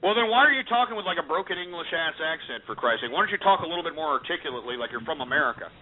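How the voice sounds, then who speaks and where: A man's voice: fairly high pitch, lively intonation, very fast. A man from Texas hosting call-in talk radio, brash, mocking and profane. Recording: tinny phone-like line.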